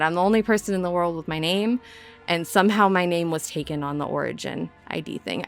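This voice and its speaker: A young woman from Southern California with a slight Minnesotan twang, chatting casually and rambling over her game build in a self-deprecating way. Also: lowish voice.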